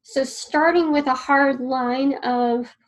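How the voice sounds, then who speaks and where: On a low-quality recording, a woman teaches slowly in a high voice with a steady tone. It's an informal, earnest lesson where she repeats important phrases as she writes on the board.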